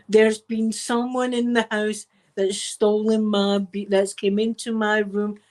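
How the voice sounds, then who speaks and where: A middle-aged Scottish woman in soft-spoken casual chat, rambling warmly as an ASMR host. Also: medium pitch, steady tone, slow. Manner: chatty and rambling, with frequent wee and laughter.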